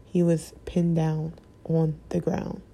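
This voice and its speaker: A woman speaking in an emotional personal vlog, halting and impassioned, close to tears. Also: deep voice, completely flat delivery, gravelly, warm tone. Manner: halting, impassioned, breaking off mid-sentence.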